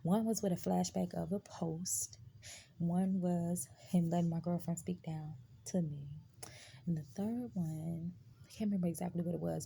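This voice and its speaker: A woman's voice: lowish voice, creaky, dark tone, slight background noise. A woman hosting a live stream, sharing her faith testimony in a casual, emphatic way and talking straight to her viewers. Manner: emphatic, conversational, addresses viewers directly.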